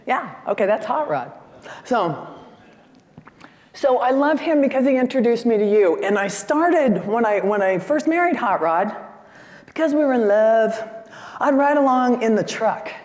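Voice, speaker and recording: A woman in her sixties giving a lively, chatty seminar talk and questioning the audience from the stage. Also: on the high side, a little slow. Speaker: seminar speaker. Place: conference hall stage. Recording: echoey hall.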